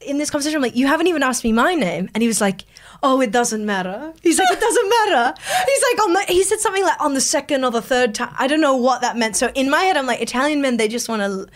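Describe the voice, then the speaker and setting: A young woman co-hosting a podcast, telling an animated story with acted-out voices and frequent laughter. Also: sits high, rapid-fire, hardly any pauses. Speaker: podcast co-host. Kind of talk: casual chat.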